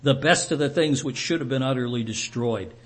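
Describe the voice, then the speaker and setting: A man's voice: mid-range voice, a little fast, close to an everyday voice. A man voicing an ancient king who insists he has obeyed and justifies himself, read aloud during a Bible lesson. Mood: indignant. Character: ancient male king, proud and defensive.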